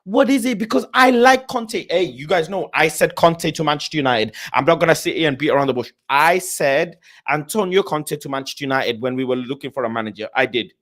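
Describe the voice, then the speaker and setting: Young guy ranting about football on his stream, kinda high voice, gets loud then mutters. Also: brisk, few pauses. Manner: animated, passionate, swinging between loud rants and low asides. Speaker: football livestream host. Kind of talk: casual live-stream chat reading super chats.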